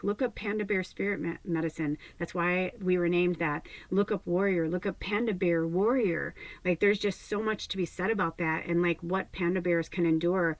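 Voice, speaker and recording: A woman spiritual medium talks straight to her viewers in a loose, rambling way, swearing and laughing as she goes. Her voice sits a little low for a woman. The sound is dry and close, with no room echo. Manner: rambling, candid, profane, laughs often. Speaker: spiritual medium, channel host. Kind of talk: casual talk to viewers.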